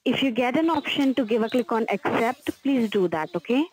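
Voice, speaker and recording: A woman with a fairly high, slightly mellow voice places a scam phone call, sounding expressive and brisk. She stays patient and sticks to scripted lines, calling the listener "sir" again and again.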